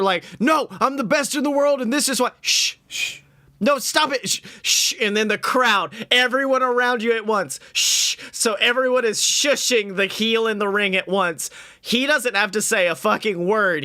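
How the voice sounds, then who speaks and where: A young man co-hosting a podcast, excitable and swearing, laughing often through casual banter. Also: high voice. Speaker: podcast co-host.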